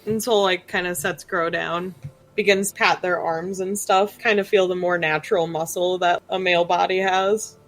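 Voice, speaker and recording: A woman's voice: lowish voice, steady tone, moderate pace, soft background music, rough recording. A woman playing a tabletop game, narrating her character casually and laughing often. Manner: laughs often, rambling with fillers. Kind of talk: casual role-play narration.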